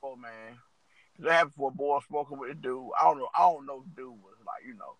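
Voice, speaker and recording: A man's voice: medium pitch, fast talker, crowd noise. A young man co-hosting a podcast, chatting casually, echoing jokes and telling a rambling story. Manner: chimes in with jokes, echoes punchlines, rambling storyteller. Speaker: podcast co-host. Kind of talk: casual chat.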